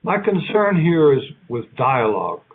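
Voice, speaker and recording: A man giving an academic keynote lecture in a conversational, halting way, now and then acting out short quoted lines. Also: on the high side, sing-song, husky. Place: lecture hall. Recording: tinny phone-like sound.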